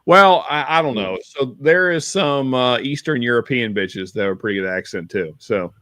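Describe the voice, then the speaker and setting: A man co-hosting a podcast in casual chat, rambling and halting with many restarts, reading viewer chat aloud. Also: mid-range voice, expressive, a bit bright, dry recording. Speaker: podcast co-host.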